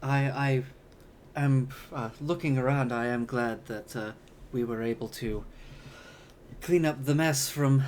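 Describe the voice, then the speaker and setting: A man's voice: medium pitch, unhurried, a little mellow, a little hiss or hum, lightly acted. A man voicing a polite female battle sister in power armor in a tabletop game, speaking courteously and hesitantly. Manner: courteous, hesitant, many fillers.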